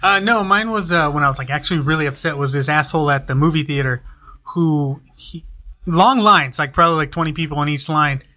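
A man joins a casual podcast as a guest, telling stories with plenty of swearing. His voice is bright and forceful, pitched a little high. The sound is dull and lo-fi. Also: a little fast. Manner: swearing, ranting storyteller.

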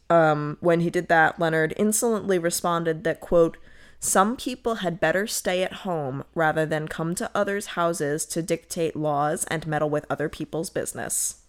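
A woman from Connecticut telling a dark history story on a casual podcast, swearing and joking between quotes she reads. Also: fairly low pitch, smooth. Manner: profane, laughing, jokey asides while reading quotes.

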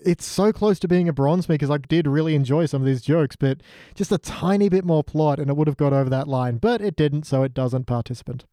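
Mellow man chatting on a podcast. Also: on the high side, a little fast, no room sound, studio quality. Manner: chatty, quotes lines in put-on voices. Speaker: podcast co-host. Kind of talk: casual podcast chat.

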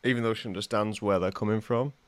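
A man's voice: lowish voice, fairly even intonation, fast. A man co-hosting a podcast, talking playfully and laughing often. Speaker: podcast co-host. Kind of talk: casual chat.

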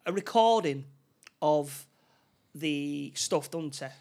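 A man recapping a film plot in casual chat, with halting delivery, many restarts and tag questions. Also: fairly high pitch, expressive, vocal fry, darkish tone.

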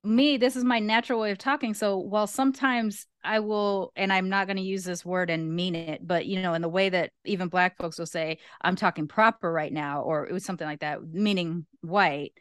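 Speaking a little fast with hardly any pauses, a North Long Beach, California woman guest co-hosts a casual podcast, voicing blunt opinions at length. Her voice is lowish and clear with a resonant tone and fairly even intonation. The studio sound is clean, with no echo.

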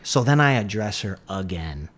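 Animated male comedian telling a story. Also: fairly low pitch, normal speed. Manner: animated storyteller, acts out quotes. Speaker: touring stand-up comedian, podcast guest. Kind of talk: casual storytelling chat.

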